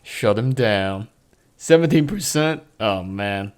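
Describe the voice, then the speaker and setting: A man hosts a casual game playthrough, reading his dialogue choices aloud with a slightly low voice. He talks slowly and laughs easily at what happens. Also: animated, clean tone. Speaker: let's play host. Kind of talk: casual gameplay commentary.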